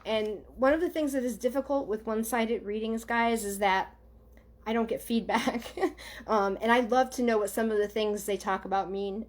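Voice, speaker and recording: A woman working as a psychic medium, doing a live online reading for viewers in a gentle, halting way, with many ums and okays. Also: mid-range voice.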